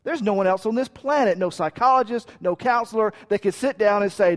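A man preaching a sermon with emphatic repeated lists, sometimes dropping to a quiet hush. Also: sits high, brisk, few pauses. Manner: drops to a quiet hush at key points. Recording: long reverb of a large hall.

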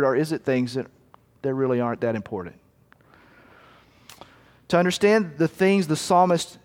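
A male pastor delivers a conversational sermon in a somewhat higher register. He drops into murmured asides and quick acted-out moments. His voice carries a long reverb from the hall.

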